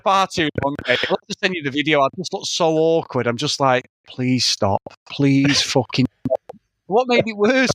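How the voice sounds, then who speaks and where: A man's voice: on the high side, lively intonation, fairly quick, hardly any pauses, a bit bright, no room sound. A man, telling a story as a podcast co-host in casual, sweary chat. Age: 40s.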